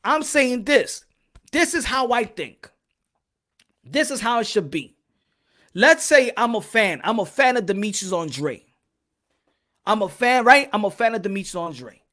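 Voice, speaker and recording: A man's voice: high-pitched, very animated, normal speed, long pauses, bright, forceful tone. A man hosting a boxing podcast, ranting in a heated, profane way and firing off repeated rhetorical questions. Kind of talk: solo opinion rant.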